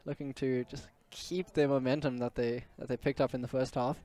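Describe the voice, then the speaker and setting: A man giving quick, chatty color commentary at an outdoor match, out of breath. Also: medium pitch, flat delivery, dark tone. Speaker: sports co-commentator. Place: outdoors at a sports field.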